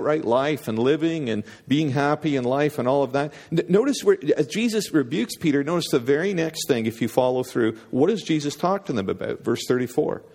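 A man's voice: on the high side, a little mellow, big-room sound. A man preaching a sermon, earnest and conversational, often repeating words as he builds toward a point. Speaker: pastor.

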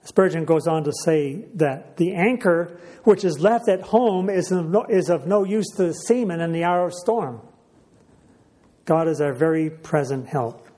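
Man preaching a measured sermon. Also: a little high, warm tone. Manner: measured, repeats key phrases for emphasis; clears throat often.

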